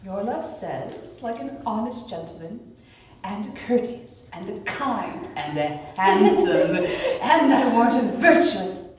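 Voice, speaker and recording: A woman's voice: high voice, big pitch swings, normal speed. A woman playing a fussy, teasing old nurse. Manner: chatty, teasing, complaining. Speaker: stage actor. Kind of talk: live outdoor Shakespeare performance. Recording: echoey, distant camera mic, faint noise.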